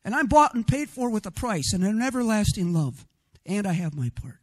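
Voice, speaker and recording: A man preaching a sermon in an expressive way, sometimes getting loud and often adding a questioning "right?" to his points. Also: high voice, moderate pace. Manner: rhetorical "right?" asides.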